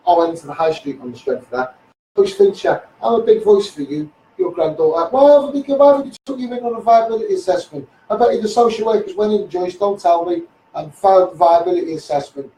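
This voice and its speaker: A man's voice: high-pitched, animated, fast talker, mellow, roomy sound, distant mic, slight background noise, poor audio. A man with a Scouse accent ranting heatedly into a live stream, repeating himself and swearing often. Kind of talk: impassioned Facebook live rant.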